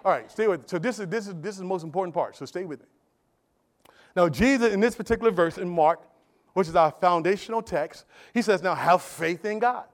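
A male pastor preaching with a strikingly high voice, driving points home with repetition. He keeps calling out to the congregation for answers and amens, swinging between hushed asides and emphatic bursts. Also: quick pace. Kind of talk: sermon.

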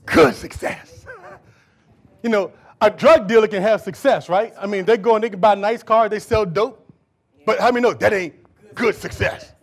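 A male pastor preaching a sermon, calling out to the congregation and swinging from loud bursts to hushed asides. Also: high-pitched, a little fast.

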